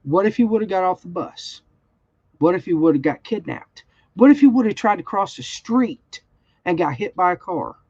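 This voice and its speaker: A woman's voice: lowish voice, expressive, moderate pace, a little mellow, slightly rough, no echo. A woman, telling a story in a blunt, heated way during a casual livestream chat. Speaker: crafting channel host. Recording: dull, slightly lo-fi sound.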